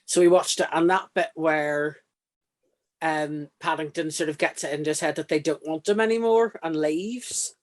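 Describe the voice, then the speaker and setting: A man, a guest on a film podcast, telling a story in a relaxed, casual way. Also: a little high, normal speed. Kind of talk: casual chat.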